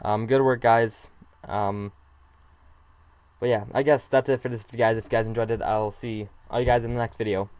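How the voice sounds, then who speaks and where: A man giving casual reaction commentary on an animated short, emotional and gushing, laughing often. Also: medium pitch, normal speed, no echo.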